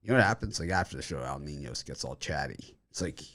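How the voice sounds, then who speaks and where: Very deep-voiced male betting show host. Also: animated, quick pace, a bit bright. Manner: rambling, loose, with many fillers and restarts. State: recovering from dental surgery, swollen mouth. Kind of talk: casual chat.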